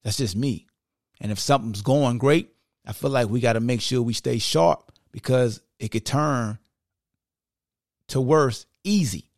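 A man hosts a sports podcast in an unscripted, casual monologue, drawling emphatic points with plenty of "like" and "y'all." His voice has a gravelly edge. He's recorded up close in a dead, dry room. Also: mid-range voice, measured pace, darkish tone, dry recording. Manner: conversational, emphatic, heavy use of "like" and "y'all".

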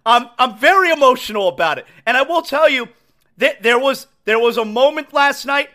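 A man hosting a sports talk podcast, his voice very high and bright. He talks with raw emotion and keeps stumbling over repeated words. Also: animated, normal speed. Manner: emotional, stammering restarts. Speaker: podcast host. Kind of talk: excited solo sports talk.

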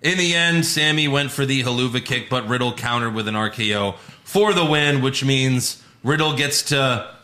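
Male co-host, bright voice, casual swearing recap, echoey room. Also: medium pitch, moderate pace, few pauses. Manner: swearing, playful recap with mock quotes. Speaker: podcast co-host recapping wrestling. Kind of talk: casual chat.

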